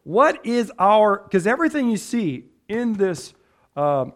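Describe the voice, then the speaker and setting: Man preacher, slightly high voice, emphatic sermon delivery, rhetorical questions. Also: big pitch swings, measured pace, a bit bright. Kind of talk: sermon with scripture reading.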